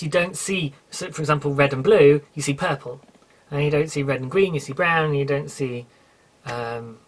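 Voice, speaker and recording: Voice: medium pitch, a bit bright. Rambling British podcast host. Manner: rambling, self-correcting, apologetic, chatty. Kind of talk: casual solo podcast chat.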